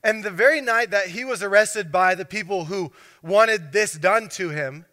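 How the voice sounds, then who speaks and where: Male pastor, high voice, animated storyteller, sermon in a reverberant hall. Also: moderate pace. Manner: animated storytelling, acts out characters.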